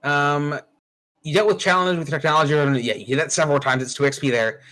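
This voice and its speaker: A man running a tabletop roleplaying session as its game master, speaking in a slightly higher register than most men. He talks casually and bluntly, with frequent swearing, as he works through the rules and hands out experience points. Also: fast talker, bright, forceful tone, poor audio.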